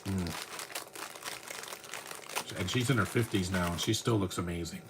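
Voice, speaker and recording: A man's voice: low voice, a little slow, creaky, noisy background. A man around forty, a podcast host, chatting in a rambling way as he watches a movie and comments on it. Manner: rambling, chatty fan talk.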